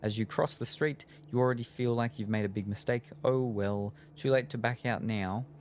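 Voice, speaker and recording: A man streaming a game, reading its story text aloud in steady narration with casual asides. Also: mid-range voice, normal speed, slight background noise.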